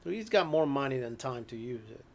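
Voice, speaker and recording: A man narrating as game master of a tabletop horror game, unhurried, with many ums and frequent throat clearing. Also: mid-range voice, sing-song.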